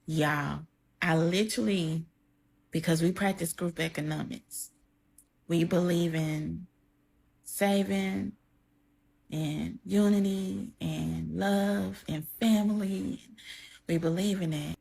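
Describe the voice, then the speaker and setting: A woman's voice: lowish voice, steady tone, slow, creaky, long pauses, darkish tone, slightly rough. A young woman talking heartfelt to her camera in a vlog, close to tears. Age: young adult. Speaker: content creator. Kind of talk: emotional reaction vlog. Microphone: camera mic, facing camera.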